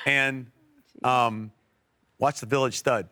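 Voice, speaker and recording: An American man telling a personal story on a faith talk show, earnest, with quiet and emotional stretches. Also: medium pitch, fairly even intonation, takes it slowly, no echo, studio quality. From United States. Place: TV studio.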